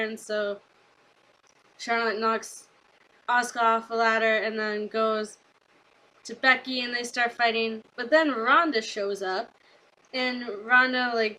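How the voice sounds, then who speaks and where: A young woman vlogger recapping a wrestling show in a casual, rambling way, gushing with excitement and full of fillers. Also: fairly high pitch, low-quality recording.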